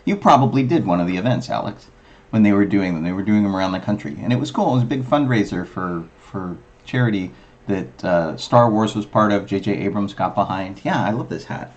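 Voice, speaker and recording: A woman co-hosting a livestream and chatting casually, wry and animated, often restarting her sentences. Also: very deep voice, a little fast, muffled recording. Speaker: livestream co-host. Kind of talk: casual chat.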